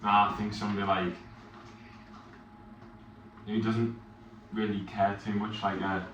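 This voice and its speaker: A man's voice: lowish voice, flat delivery, a little slow, fairly bright tone, dull audio. A young man co-hosting a podcast, chatting casually and rambling while he searches for words. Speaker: podcast co-host. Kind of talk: casual chat. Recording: roomy, distant mic with faint noise.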